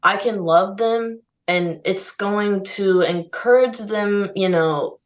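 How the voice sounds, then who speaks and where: A woman's voice: medium pitch, slow, recorded from a distance, poor audio. A young woman speaking as a podcast guest, candid and heartfelt, filling her speech with "like" and "you know.". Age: young adult. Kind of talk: candid conversational interview.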